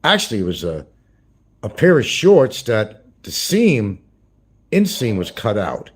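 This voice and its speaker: A man talks low and husky, his pitch swinging up and down a lot as he rambles. He gossips crudely, swearing and chuckling as he goes, like a casual livestream host chatting to viewers. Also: huge pitch swings, measured pace.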